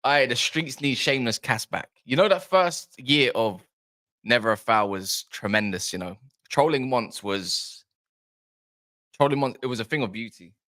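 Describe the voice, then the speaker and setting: A man hosting a casual football fan live chat, excitable and rambling, bantering with viewers' comments. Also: medium pitch, moderate pace. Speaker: football fan livestream host.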